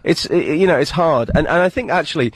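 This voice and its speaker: A man's voice: fairly high pitch, brisk, slightly rough, no room sound, rough recording. A British man, a guest comedian, chatting on a radio show with dry, self-deprecating jokes. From Britain. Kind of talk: casual radio chat. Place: radio studio.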